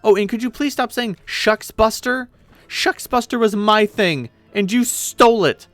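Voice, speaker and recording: A man voicing a furious young woman who shouts and snaps sarcastically at her friend, in a webcomic read aloud with voices. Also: high-pitched, unhurried, dry recording, pitched above the performer's own voice.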